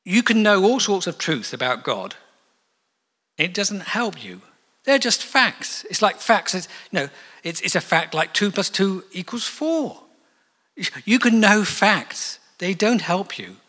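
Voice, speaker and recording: A man preaching a sermon in a church, conversational and animated, with asides and acted-out quotes. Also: high voice, unhurried. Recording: long reverb of a church hall.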